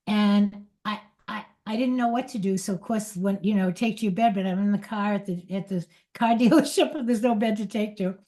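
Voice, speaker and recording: A woman's voice: mid-range voice, a little fast, few pauses, mellow. A middle-aged woman leading a spiritual talk, candidly telling a personal story and often laughing at herself between restarts. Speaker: spiritual teacher.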